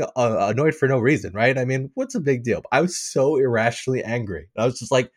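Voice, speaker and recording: A man co-hosting a podcast, telling a story in a casual, animated way, swearing and getting worked up. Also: fairly quick, few pauses. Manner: animated storytelling, swearing, rising in pitch when riled. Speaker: podcast co-host. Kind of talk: casual chat.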